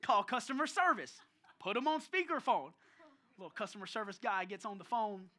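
A man preaching as a pastor, telling a story in a lively, conversational way and calling out listeners by name. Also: high voice, brisk. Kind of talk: storytelling sermon. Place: church service.

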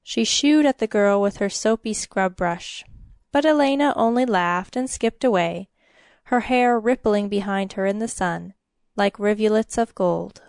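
A woman narrating a story in a measured, even storytelling manner. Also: mid-range voice, smooth, dry recording, studio quality.

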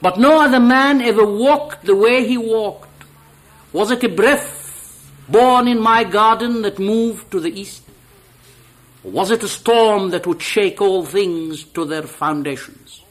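A man's voice: high-pitched, a little slow, voice pushed up. A man voicing an impassioned woman who recalls her redemption, in a dramatic poetry reading with a fervent, declamatory delivery. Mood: rapturous.

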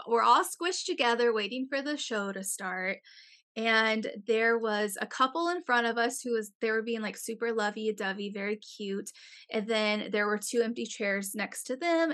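A young woman with a bright, forward voice pitched a little high. She tells a story in casual chat, animated and swearing freely, with "like" in nearly every phrase. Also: normal speed. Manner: animated, profane storytelling full of "like".

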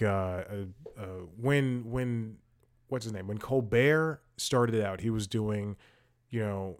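A podcast host with a lowish voice rambles through casual commentary. He's opinionated and thinks aloud while scrolling, full of fillers and restarts.

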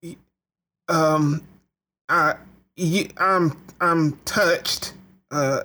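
Give a player describing a character's moves in a tabletop game. The speaker talks slowly and haltingly with lots of "like." The tone is bright and a little tense. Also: medium pitch, fairly even intonation. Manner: hesitant, awkward, halting.

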